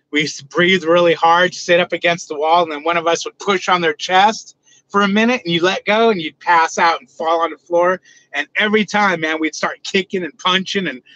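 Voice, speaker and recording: A man's voice: fairly high pitch, pushed and bright, dry recording, dull audio. A man hosting a casual livestream from inside his truck, joking loosely and answering his chat. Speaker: livestream host.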